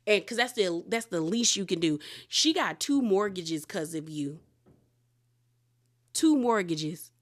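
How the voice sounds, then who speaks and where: A woman's voice: lowish voice, lively intonation, measured pace. Outspoken woman recapping reality TV. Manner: candid, outspoken, gossipy asides. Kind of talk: casual spoken recap and commentary.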